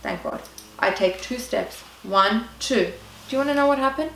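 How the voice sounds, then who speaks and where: A woman's voice: on the high side, moderate pace, gravelly, fairly bright tone, reverberant, far from the mic, slight background noise, poor audio. A young Australian woman telling a storytime vlog, chatty and dramatic, with lots of "like". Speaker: vlogger.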